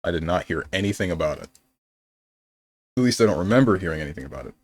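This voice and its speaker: A man's voice: deep voice, expressive, fast talker, no room sound. A young man streaming games, chatting casually and thinking aloud in a rambling, playful way. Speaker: game streamer. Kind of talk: casual live-stream chat.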